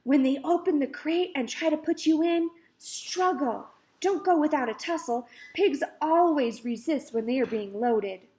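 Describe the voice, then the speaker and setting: A woman's voice: sits high, a little slow, few pauses, dark tone, pitched above the performer's own voice. A woman doing a bossy old sheep. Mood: urgent. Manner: firm, urgent instructions.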